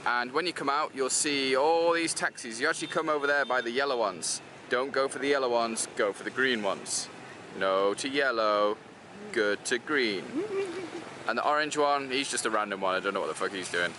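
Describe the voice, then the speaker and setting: A man's voice: mid-range voice, brisk, bright, forceful tone, slight background noise, low-quality recording. A man with a Geordie accent chatting casually as a travel vlogger while walking around a city outdoors, loose and rambling with lots of fillers. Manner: chatty, loose, says "like" a lot. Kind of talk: casual travel vlog narration.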